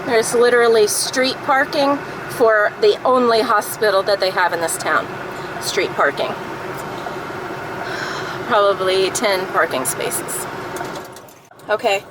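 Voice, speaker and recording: A woman's voice: on the high side, slight background noise, poor audio. A woman vlogger venting in frustration about a bad experience, talking to a phone camera from a parked car. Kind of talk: angry personal vlog rant.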